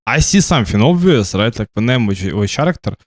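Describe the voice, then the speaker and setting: A man's voice: mid-range voice, very animated, fairly quick, no room sound. Guy rambling over his game, stumbles on words a lot, bouncy up and down voice. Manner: rambling, stammering, tags "right?" often. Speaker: gamer streamer. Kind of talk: casual commentary while gaming.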